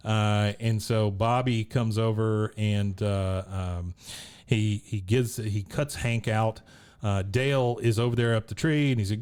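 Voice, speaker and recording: Low-voiced man recapping a cartoon. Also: steady tone, measured pace, a little mellow, clean tone. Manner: retells scenes, quoting characters and laughing. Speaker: podcast co-host. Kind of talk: casual episode recap.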